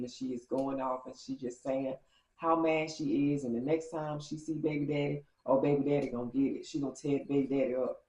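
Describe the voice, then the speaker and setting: A woman vlogger telling a story in a casual, animated way, acting out quotes with big jumps in pitch. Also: reverberant, muffled recording.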